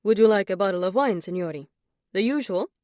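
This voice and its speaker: A woman voicing an excitable Italian maitre d' with a thick Italian accent, exclaiming effusively in an audiobook. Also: mid-range voice, a little fast, no echo, clean studio sound, close to an everyday voice. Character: excitable middle-aged Italian maitre d', man. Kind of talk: audiobook character voice.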